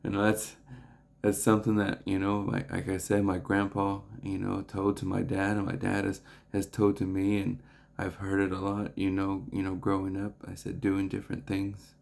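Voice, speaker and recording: Low gravelly man, flat earnest delivery. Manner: earnest, halting, with frequent restarts and fillers. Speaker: preacher. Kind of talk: devotional Bible reading and reflection.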